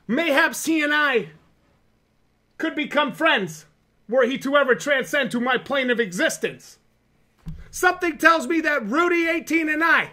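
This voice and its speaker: A man's voice: extremely high pitch, bright, forceful tone, heavily acted. A man playing an arrogant, boastful persona on a live stream who brags about himself in the third person. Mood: smug. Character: cocky boastful male persona, arrogant showman. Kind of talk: comedic live stream character bit.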